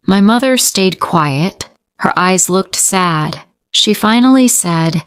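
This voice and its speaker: A woman reading a first-person story aloud slowly and carefully for English learners. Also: lowish voice, clear, resonant tone, no room sound, clean studio sound.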